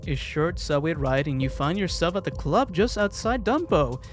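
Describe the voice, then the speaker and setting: Guy reading a game out loud, kinda high voice, jokes and trips on words, quiet music under it. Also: big pitch swings, normal speed. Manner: joking asides, laughs and stumbles over words. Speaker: player reading a visual novel aloud. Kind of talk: casual read-aloud narration of a game.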